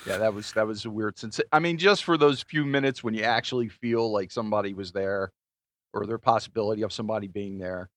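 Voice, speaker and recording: A man's voice: on the low side, brisk, fairly bright tone, no room sound. A man co-hosting a podcast in casual chat, asking questions and teasing the others. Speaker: podcast co-host.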